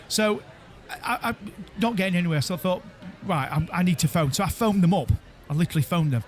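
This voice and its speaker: A man's voice: high voice, fast. A man telling a long story in a casual chat among friends, often repeating words and restarting. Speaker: podcast co-host.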